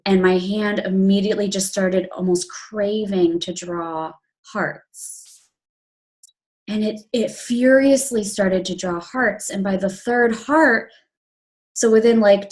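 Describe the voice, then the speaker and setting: Woman telling her own story real slow, earnest and emotional, lots of likes and you knows. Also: mid-range voice. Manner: earnest, emotional, many fillers and restarts. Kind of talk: personal storytelling monologue.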